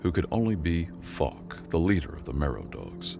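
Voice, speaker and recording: Deep, gravelly male storyteller. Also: sing-song, normal speed, background noise. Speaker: narrator. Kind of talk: scripted sci-fi story narration.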